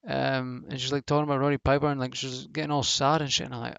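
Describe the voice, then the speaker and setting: Gravelly-voiced man ranting about wrestling. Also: medium pitch, steady tone, fast, few pauses, no echo. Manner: rambling, blunt, swears freely, many fillers. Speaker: wrestling show reviewer. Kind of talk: casual spoken review.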